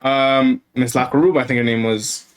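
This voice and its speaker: A man's voice: medium pitch, fairly even intonation, fairly quick. A young man co-hosting a podcast, joining in crude banter and laughing a lot. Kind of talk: casual chat.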